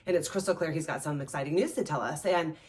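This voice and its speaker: A lively woman coach talks to her listeners in a loose, chatty motivational style. Her voice sits a little low and comes across slightly distant from the mic. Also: fast. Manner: animated, chatty, peppered with "like" and "right?". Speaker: host and life coach. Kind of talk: motivational talk.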